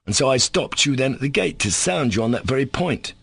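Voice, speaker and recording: A man's voice: mid-range voice, animated, creaky, fairly bright tone, husky, no room sound, voice pushed up, full character voice. A man doing an insolent sickly servant. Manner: slow, controlled, sarcastic and defiant. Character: sickly insolent male servant, sly and resentful. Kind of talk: audiobook character reading.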